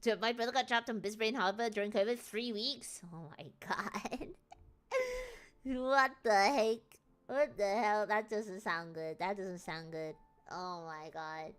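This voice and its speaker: A woman from northern England chatting casually on a live stream, excitable and rambling, with faint music behind. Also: mid-range voice, normal speed.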